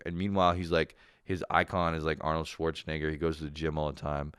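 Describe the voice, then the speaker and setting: Brief: young male podcast host, low voice, dry close mic, profane rants, laughs a lot. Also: flat delivery, fast, a bit bright, clear, resonant tone, dry recording. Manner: profane, laughing, mocking impressions. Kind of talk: casual solo podcast rant.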